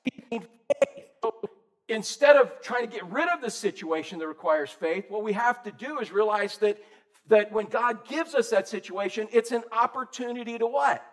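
A man preaching a sermon as pastor, lively and conversational, asking his congregation questions. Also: sits high, normal speed. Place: church.

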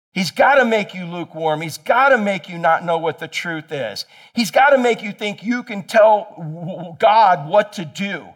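A man preaching a sermon in church, animated, calling on members of the congregation by name and shouting for emphasis. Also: high-pitched. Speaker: pastor. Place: church sanctuary.

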